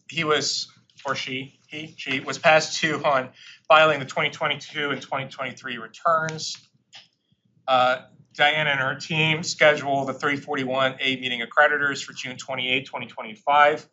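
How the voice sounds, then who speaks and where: A man's voice: mid-range voice, bright, forceful tone, dull audio, a little hiss or hum. A man presenting to a live audience of lawyers, conversational and emphatic, with frequent fillers and side remarks. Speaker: government attorney presenting to bankruptcy practitioners. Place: courtroom or meeting room.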